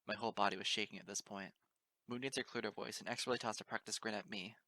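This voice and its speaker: Man narrating a story, bright and dry. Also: on the low side, fairly even intonation, fast, no echo. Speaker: reader. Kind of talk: amateur audiobook narration.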